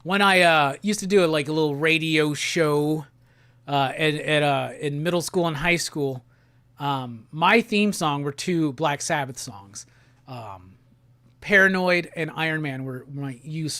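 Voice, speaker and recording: A man hosting a casual live stream. He talks in a laid-back, slangy way and reads viewer comments aloud in quick bursts. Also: on the high side, pushed and bright, dry recording. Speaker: livestream host. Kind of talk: casual livestream chat, reading viewer comments.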